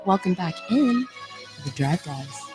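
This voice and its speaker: A woman reading sports updates on the radio in a calm, understated way. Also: fairly low pitch, measured pace, loud music behind the voice. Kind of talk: read sports update and casual chat.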